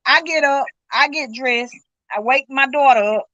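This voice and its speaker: Middle-aged woman, grieving mother's account, high and sharp, dry muffled lo-fi audio. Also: unhurried, no room sound. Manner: earnest, speaks in vivid retold dialogue. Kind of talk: emotional personal account.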